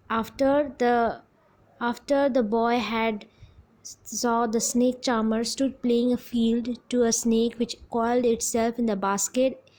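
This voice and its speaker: Woman, Indian English accent, teacher, lecture, halting, frequent check-ins, fairly high pitch. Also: darkish tone, poor audio. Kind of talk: recorded class lecture retelling a story.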